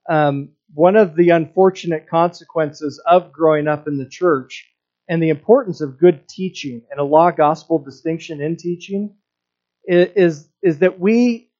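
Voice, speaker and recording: A man's voice: on the high side, measured pace, warm tone, lo-fi sound. A man preaching a sermon, earnest, often repeating words and restarting his phrases. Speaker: pastor.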